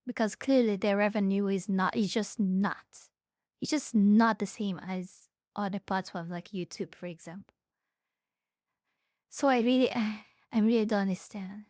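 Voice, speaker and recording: A woman streamer giving casual live commentary on clips, with sarcastic, mocking asides and halting restarts. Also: medium pitch, darkish tone, no echo, clean studio sound.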